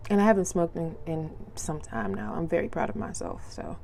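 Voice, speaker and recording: A young woman hosts her own podcast and talks casually and freely, with a slightly low voice. Her speech is loose and slangy. She tells stories from her life and acts out the lines of the people in them. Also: sing-song, fairly quick, creaky, mellow, slight background noise. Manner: chatty storyteller, acts out quotes, laughs often. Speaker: podcast host. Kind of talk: casual solo podcast monologue.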